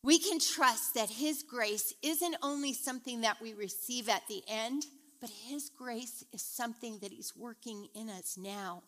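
A middle-aged woman teaching a women's Bible study in a chatty, animated way, retelling stories as she goes. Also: fairly high pitch, a little slow. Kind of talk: casual devotional teaching.

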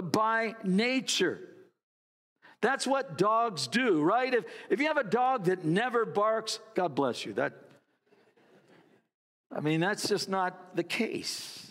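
Slow, high-voiced preacher in a hall. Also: male voice, fairly bright tone. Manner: storytelling with barking imitations and asides. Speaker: pastor. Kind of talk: sermon.

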